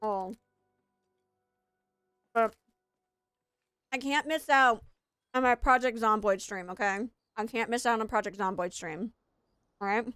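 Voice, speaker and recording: A woman's voice: fairly high pitch, unhurried, long pauses, fairly bright tone, smooth, no echo, studio quality, soft background music. Chatty rambling woman streamer. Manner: rambling, chatty, self-deprecating. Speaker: English teacher. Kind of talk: live gaming stream chat.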